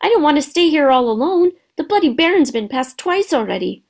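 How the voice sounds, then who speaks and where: A woman's voice: high voice, sing-song, brisk, darkish tone, pitched above the performer's own voice. A woman voicing a nervous, clumsy schoolboy who pleads fretfully in a storybook reading. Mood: anxious pleading.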